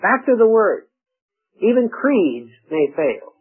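Guy teaching a bible history class, kinda high husky voice, tinny radio sound. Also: big pitch swings, slow. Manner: conversational, rhetorical questions, frequent restarts. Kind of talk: lecture on church history.

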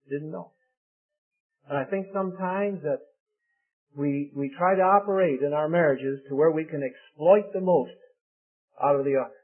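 An older man preaching a sermon, telling homely stories about his marriage in a folksy way and acting out the voices of the people he quotes. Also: high-pitched. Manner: folksy storytelling, quotes others in lively voices. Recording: phone-like narrow sound.

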